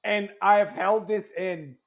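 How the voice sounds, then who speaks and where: A man co-hosting a casual sports podcast, ranting in an animated, exasperated way that often turns loud. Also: sits high, a little slow, creaky, slight background noise. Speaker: podcast co-host.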